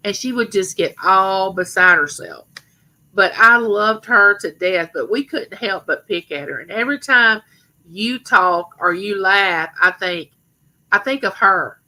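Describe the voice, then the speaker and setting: A middle-aged woman with a rough voice, rambling chattily to her viewers as host of a live stream. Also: mid-range voice, lively intonation, unhurried, sharp tone, rough recording. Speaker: livestream host. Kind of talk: casual live stream chat.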